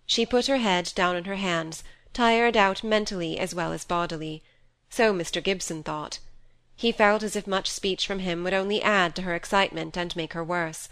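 A woman narrating a classic novel in an audiobook, reading in a measured, even way. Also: on the low side, clear, resonant tone.

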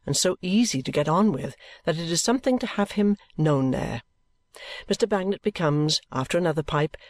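A male audiobook narrator reading a classic novel in an even, measured storytelling manner. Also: fairly high pitch, no echo.

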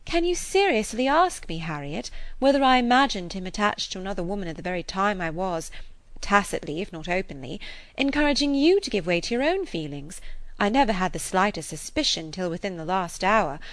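A woman voicing a composed, clever young gentlewoman who speaks in a measured, precise, earnest way in an audiobook. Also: medium pitch, big pitch swings, no echo, close to an everyday voice. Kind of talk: audiobook character voice.

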